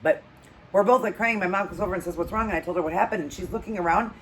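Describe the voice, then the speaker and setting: A woman hosting her own channel, telling a story in a loose, chatty way, getting louder and higher at tense moments and dropping to low murmurs between them. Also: rapid-fire, a little hiss or hum, poor audio. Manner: animated retelling with acted quotes, trailing off into low murmurs. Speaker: channel host. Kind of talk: casual storytelling while eating.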